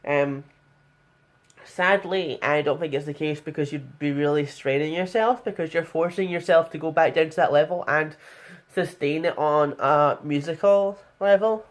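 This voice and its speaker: A woman's voice: low voice, normal speed. A young woman talking frankly in a casual vlog tutorial, chatty and blunt, with plenty of fillers. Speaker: vlogger.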